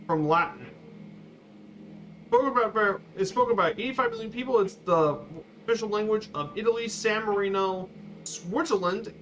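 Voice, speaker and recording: A man streaming a flight simulator, giving a casual slideshow talk with halting, repeated words and fillers. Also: sits high, a bit bright. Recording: dull lo-fi stream audio with faint noise.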